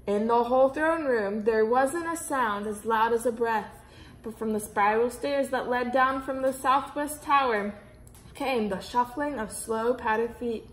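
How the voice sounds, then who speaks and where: Woman reader, children's story, fairly high voice, roomy echo. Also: measured pace. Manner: expressive storytelling. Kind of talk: children's story read aloud.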